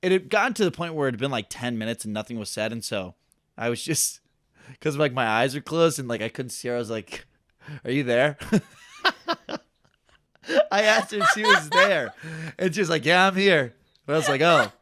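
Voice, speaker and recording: A man's voice: medium pitch, expressive, a little fast, long pauses, bright, forceful tone, dry recording. A young man co-hosting a podcast, telling a self-deprecating story in a rambling way full of "like". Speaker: podcast co-host. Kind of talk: casual storytelling chat.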